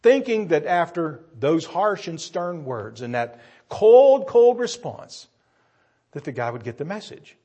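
Husky-voiced man preaching a sermon. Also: fairly high pitch, very animated, slow pace, highs cut off. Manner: acts out scenes in different voices, rising to loud emphatic peaks.

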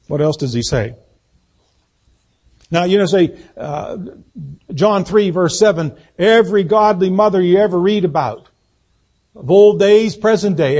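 Husky-voiced preacher man, high-pitched. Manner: preaching with rising emphasis, then dropping to quiet asides. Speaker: pastor. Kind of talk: sermon. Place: church sanctuary.

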